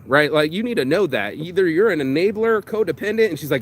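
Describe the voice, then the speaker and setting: A man's voice: high-pitched, animated, fast talker, fairly bright tone, slight background noise. Blunt, profane man ranting to camera. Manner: blunt, profane, streetwise slang, calls listener bro. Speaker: vlog host. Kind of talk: casual motivational rant.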